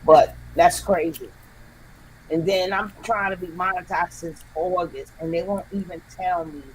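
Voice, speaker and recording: A guest content creator in a casual livestream chat, talking emphatically and complaining in quick bursts. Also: mid-range voice, steady tone, slight background noise, low-quality recording.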